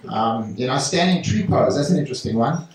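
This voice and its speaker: A man doing a stand-up set on a club stage, talking haltingly with lots of fillers. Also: medium pitch, lively intonation. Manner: halting delivery with many fillers. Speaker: stand-up comedian. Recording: echoey club from a distant mic.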